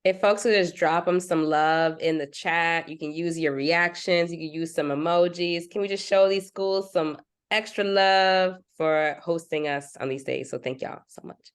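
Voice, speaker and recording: A woman's voice: on the low side, unhurried, hardly any pauses, clean tone. A woman co-leading an online training session, enthusiastic and casual. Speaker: co-facilitator.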